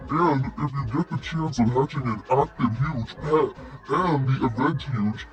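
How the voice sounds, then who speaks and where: A man co-hosting a gaming video, with a voice of middling pitch. He reads a viewer's long comment out in a plain, steady manner. Faint music plays under him. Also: low-quality recording.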